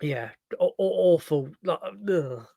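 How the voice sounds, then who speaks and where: A man hosting a podcast, chatting casually about films, with quick restarts and the odd swear. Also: fairly high pitch, lively intonation, gravelly, warm tone, dry recording. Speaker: podcast host. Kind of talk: casual film-review chat.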